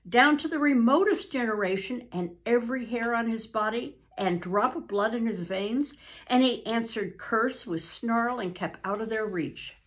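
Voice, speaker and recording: An older woman, a grandmother, reading a novel aloud in an unhurried way with frequent ums and restarts. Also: a little high.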